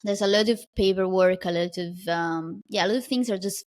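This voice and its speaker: A woman whose first language is Italian, hosting a casual interview in English and agreeing warmly with her guest. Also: medium pitch, a little fast. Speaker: host and Italian teacher.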